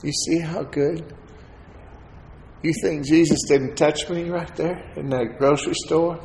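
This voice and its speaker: A man giving a sermon testimony as a preacher, telling his story in an animated way and acting out the voices of the people in it. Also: a little high, unhurried, a little hiss or hum. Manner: animated storyteller, acts out quoted voices with laughter. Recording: echoey hall with faint ambience.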